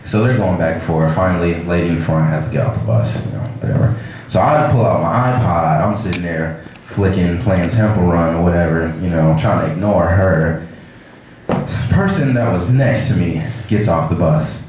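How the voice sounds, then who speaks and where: A man's voice: sits low, moderate pace. A young man at an open mic doing stand-up, telling a rambling story and acting out the people in it. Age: young adult. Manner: rambling, animated, acts out characters. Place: cafe open mic night. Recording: echoey cafe with crowd noise.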